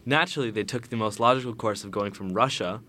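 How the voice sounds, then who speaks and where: A young man co-hosts a casual podcast in a fairly low voice. He rambles through his story with dry, sarcastic humor and lots of filler. Faint noise hums under the recording. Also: fast, pushed and bright. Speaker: podcast co-host. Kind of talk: casual chat.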